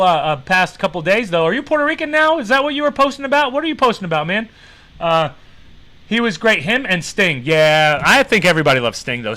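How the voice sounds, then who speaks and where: A man's voice: fairly high pitch, bright, forceful tone, poor audio. A man hosting a livestream, chatting casually as he reacts to a documentary and greets viewers in the chat. He rambles, restarts his sentences and swears freely. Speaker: livestream host.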